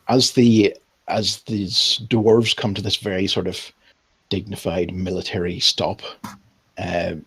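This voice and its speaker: A man narrating a tabletop game as game master, hesitant, with frequent ums and pauses. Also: sits low, a bit bright, slightly rough.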